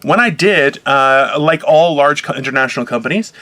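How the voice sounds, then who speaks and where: A man co-hosting a casual talk show, ranting in an animated, self-mocking way. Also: a little high, normal speed. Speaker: co-host. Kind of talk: casual chat.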